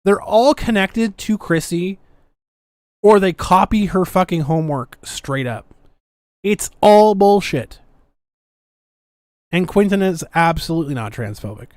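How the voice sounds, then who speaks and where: A woman's voice: on the low side, animated, measured pace, pauses often, a little mellow, no room sound, studio quality. A woman hosting a podcast, ranting in a sarcastic, defiant way as she comments casually. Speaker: podcast host.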